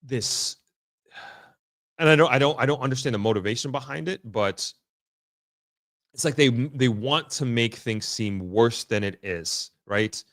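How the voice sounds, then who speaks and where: A man with a medium-pitched, fairly bright voice speaks at a measured pace and pauses often. He's a vlogger addressing the camera casually from the area in question, repeatedly restarting as he chooses words with care, and the audio is echo-free studio quality.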